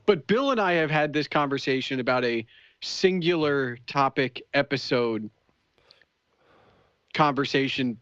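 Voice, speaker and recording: Male remote guest, slightly high voice, dry wit with stammered restarts, dull dry call audio. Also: expressive, a little slow, pauses often, a bit bright, clear, resonant tone, dry recording. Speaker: podcast guest and regular contributor. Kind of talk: casual podcast chat. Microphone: remote microphone, digital call.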